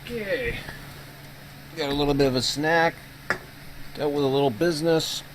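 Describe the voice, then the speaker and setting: A man's voice: fairly high pitch, moderate pace, heavy background noise. A man hosting a live stream who explains a setup casually, thinking aloud with plenty of fillers. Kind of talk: casual screen-share explanation.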